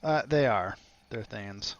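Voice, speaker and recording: A man's voice: on the low side, slow pace, dull audio. A man running a tabletop game as game master, narrating in a rambling way with many fillers.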